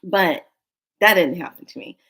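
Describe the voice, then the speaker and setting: A woman telling a dream story in a casual, unhurried monologue, acting out the voices she quotes. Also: on the low side, a bit bright, breathy edge. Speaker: spiritual storyteller.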